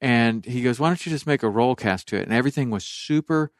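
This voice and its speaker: A man's voice: medium pitch, expressive, fast, no echo, studio quality. A middle-aged man chatting casually and telling a long story, rambling with restarts and livening up when he quotes others.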